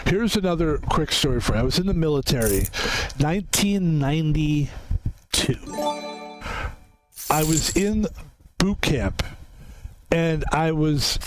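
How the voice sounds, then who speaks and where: A man's voice: fairly high pitch, background noise. A man in his fifties hosting a gaming video, casually rambling through a personal story with plenty of profanity as he plays. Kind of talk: casual commentary while playing a video game.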